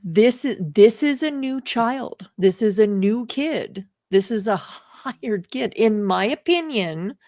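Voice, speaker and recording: A woman's voice: medium pitch, animated, slow, few pauses, a little mellow, no echo. Chatty woman co-host, dry sound. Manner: chatty, hedging, giggly. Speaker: podcast co-host. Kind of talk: casual chat.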